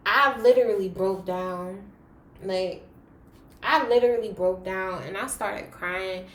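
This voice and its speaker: A young woman vlogger tells her viewers a story casually and a little slowly, her ordinary mid-pitched voice swinging between hushed asides and loud, dramatic bursts in an animated retelling. The room lends a noticeable echo, with faint ambient noise beneath.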